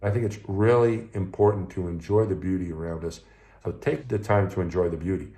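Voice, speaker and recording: Man telling a story in a low voice. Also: fairly quick. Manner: anecdotal, conversational, warm retelling with acted quotes. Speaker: retired astronaut. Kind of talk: storytelling talk to camera.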